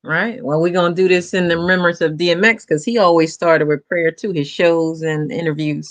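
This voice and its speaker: A woman from New Jersey, a guest in a casual group chat on a video call, speaking in a lively, emphatic way. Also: on the low side, a little fast, few pauses.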